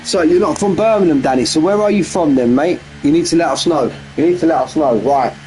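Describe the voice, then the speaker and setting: A man's voice: a little high, brisk, mellow, soft background music, rough recording. A man commentating a sim race on a live stream, bantering with viewers and often repeating himself.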